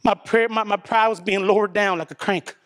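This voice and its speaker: His voice sits high and fairly bright, steady in tone and fairly quick. At a church service, this church member offers an emotional testimony about a personal spiritual experience. He speaks earnestly, like a conversation, often repeating himself and tossing in "man."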